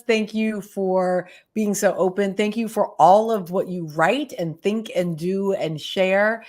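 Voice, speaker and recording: A woman hosting a casual interview, chatty and laughing often, with warm effusive thanks. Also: mid-range voice. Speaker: host and interviewer.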